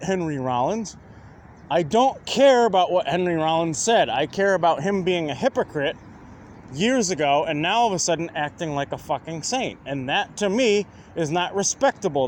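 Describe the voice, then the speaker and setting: A man's voice: high-pitched, a little hiss or hum. A man ranting to his viewers in a combative, profane monologue, repeatedly asking whether they understand. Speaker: vlogger.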